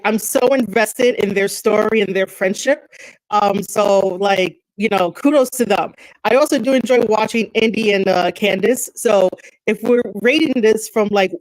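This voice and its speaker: A woman's voice: medium pitch, measured pace, dry recording, low-quality recording. Chatty woman, podcast guest. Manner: friendly, chatty, many fillers like um and like. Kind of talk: casual podcast chat.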